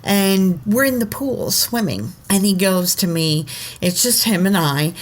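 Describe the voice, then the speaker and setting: A woman's voice: mid-range voice, animated, measured pace. A woman co-hosting a podcast, telling a personal story in a rambling way with many fillers, sometimes acting out what others said. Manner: rambling, filler-heavy, acts out quoted voices. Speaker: podcast co-host, intuitive.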